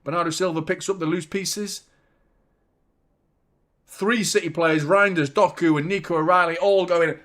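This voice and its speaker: A young man, giving a live watchalong commentary on a football match, chatty and swearing, shouting in outrage at fouls. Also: sits high, fairly even intonation, moderate pace, pauses often.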